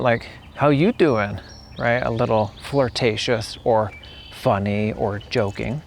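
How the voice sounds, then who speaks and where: Slow-talking man with a gravelly voice. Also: mid-range voice, a little hiss or hum. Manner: unhurried, repeats example phrases to demonstrate them. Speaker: English teacher. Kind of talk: casual spoken lesson. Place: outdoors on a walk.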